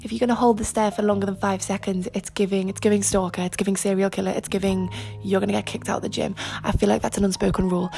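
A young woman talks through her podcast in loose, emphatic chat, laughing at herself as she goes. Her voice carries a gravelly fry and sounds a little husky today, with a faint bed of music underneath. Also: mid-range voice, level tone, fast, warm tone. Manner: chatty, self-mocking, emphatic. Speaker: podcast host. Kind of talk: casual solo podcast chat. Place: lying on her front while recording.

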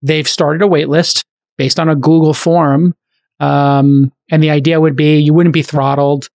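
A middle-aged man hosting a podcast in casual chat, talking quickly and enthusiastically with many "like" fillers. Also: on the high side, flat delivery, creaky, a little mellow. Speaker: podcast host.

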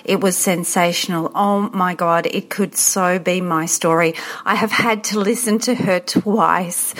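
A woman from Australia leaves an effusive voice message of thanks. She speaks slowly and warmly. Her words gush with praise. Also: mid-range voice. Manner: gushing, effusive. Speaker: listener leaving a voice message. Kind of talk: recorded voice message.

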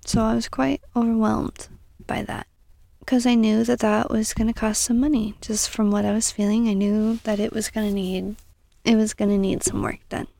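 A young woman hosting a casual self-help podcast, earnest and encouraging, sometimes dropping into soft whispery asides. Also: fairly high pitch, little pitch movement, moderate pace, vocal fry, dry recording. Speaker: podcast host.

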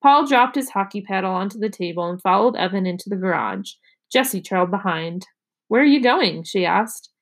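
Gravelly-voiced woman reading a children's novel. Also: a little fast. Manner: expressive, raises pitch for children's dialogue. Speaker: teacher reading aloud. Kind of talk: storybook read-aloud.

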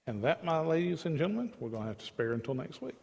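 A man's voice: a little high, very animated, fast talker, vocal fry, darkish tone. Earnest preacher man, long church reverb. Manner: earnest, emphatic preaching with pleading asides. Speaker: pastor. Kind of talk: evening sermon. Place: church sanctuary.

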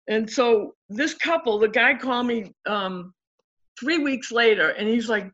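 Woman guest, coaching type, chatty storyteller, higher voice, muffled lo-fi sound. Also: moderate pace. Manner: animated, acts out quotes of clients. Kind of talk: casual storytelling interview.

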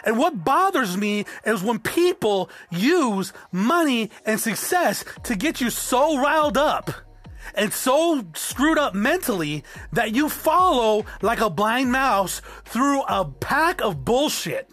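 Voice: medium pitch, sing-song, slow pace, fairly bright tone, faint music behind. A podcast host and business owner giving a blunt, profane solo monologue, often checking in with the listener by asking "okay?".

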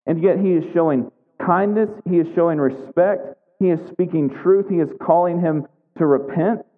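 A man's voice: a little high, moderate pace, in a large hall, narrow, tinny audio. A man reading scripture and preaching, chatty and conversational, often checking in with "right?". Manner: conversational, keeps asking "right?". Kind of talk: Bible reading and sermon.

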